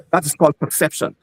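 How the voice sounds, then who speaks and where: In a low-quality recording, a playwright with a Guyanese accent tells animated stories as an interview guest. His voice is notably high for a man, and he acts out the voices of the people in his stories as he goes.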